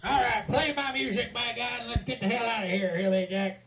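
Blustering high-pitched man. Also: steady tone, a little fast, background noise. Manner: blustering, cursing, shouting threats. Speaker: podcast host. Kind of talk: comedic wrestling-promo rant.

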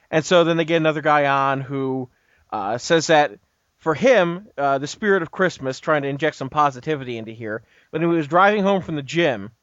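A man's voice: fairly high pitch, a bit bright, dry recording. A man co-hosting a podcast, casually retelling an episode in a rambling way with lots of "you know" and "uh". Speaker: podcast co-host. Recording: dull, dry lo-fi audio.

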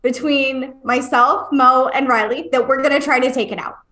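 A woman in her thirties co-hosting a podcast, telling a story in a lively, animated way, often laughing, swearing freely and acting out other people's voices. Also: high-pitched, normal speed, reverberant. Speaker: podcast co-host. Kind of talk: casual storytelling chat.

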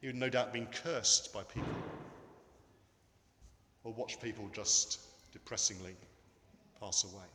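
A man preaching a sermon in a church, earnest and emphatic, with dramatic pauses. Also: lowish voice, pushed and bright. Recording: echoey hall with long reverb.

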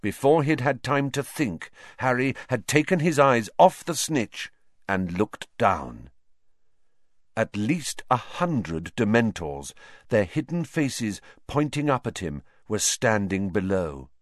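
A man's voice: medium pitch, big pitch swings, takes it slowly, no room sound. A male reader narrates a story with lots of movement in his voice, rising and falling through the scenes. He voices each character himself. The sound is dry and close, with no room around him. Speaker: audiobook reader.

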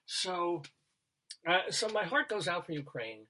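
Husky-voiced rambling male talk host. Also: high voice, very animated, unhurried, bright, forceful tone. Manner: rambling, jumps between topics, laughs at his own jokes. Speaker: radio show host. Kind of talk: casual chat.

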